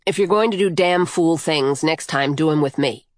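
A woman's voice: low voice, moderate pace, no room sound, clean studio sound, close to an everyday voice. A woman voicing a crude, morose female coyote in an audiobook, speaking bluntly. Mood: scornful.

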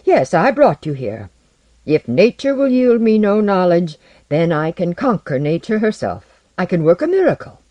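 A proud, hot-tempered little alchemist from medieval France, as a storyteller puts him on, swinging from fierce boasts to courtly politeness. The voice climbs high and lively, with a timbre unlike the reader's own, in a dry, close recording. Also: normal speed, no room sound, dull audio, close to an everyday voice. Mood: passionate. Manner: proud and fiery, then courteous. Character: small proud passionate medieval French alchemist man. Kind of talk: read-aloud storytelling.

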